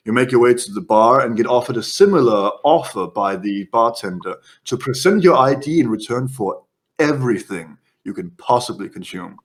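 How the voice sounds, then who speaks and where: A man narrates a tabletop role-playing session as its game master. His voice sits at a middle pitch, and he describes each scene in a playful, storytelling way.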